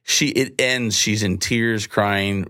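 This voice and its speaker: A man's voice: lowish voice, takes it slowly, no room sound, studio quality. A man telling a story and teaching, acting out both sides of a conversation. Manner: animated, acts out dialogue in quotes. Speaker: guest speaker on evangelism.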